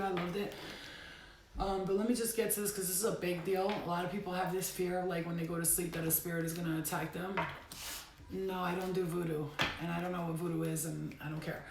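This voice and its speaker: In a bedroom at home, a woman reads tarot casually, blunt and emphatic and cursing at times. Her voice is mid-range, the sound is roomy, and there's heavy background noise.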